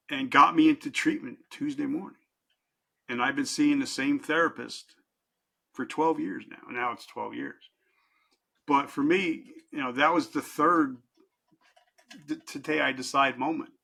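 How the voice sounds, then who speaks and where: A middle-aged man telling his own story as a podcast guest, candid and intense, swinging from loud to hushed. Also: medium pitch, unhurried, creaky, pauses often, breathy edge. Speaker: podcast guest, life coach. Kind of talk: emotional personal storytelling.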